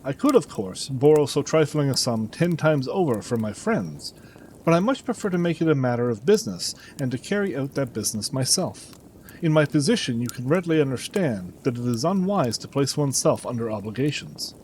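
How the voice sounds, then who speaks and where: A man reading a hurried, lofty nobleman in an audiobook, brisk and businesslike. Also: mid-range voice, big pitch swings, darkish tone, slight background noise, close to an everyday voice. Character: hurried, haughty male nobleman.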